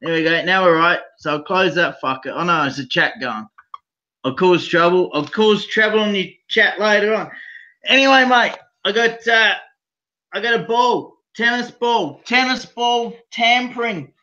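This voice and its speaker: A man's voice: high-pitched, moderate pace, sharp tone, muffled recording. An Australian man on a call, rambling in crude casual banter, profane and rowdy, forever saying mate. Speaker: call-in guest.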